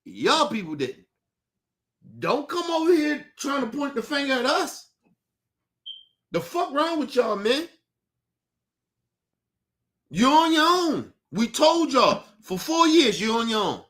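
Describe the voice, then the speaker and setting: A man delivering a heated, profane rant as a podcast host, shouting and repeating himself. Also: very high-pitched, sing-song, slow, long pauses.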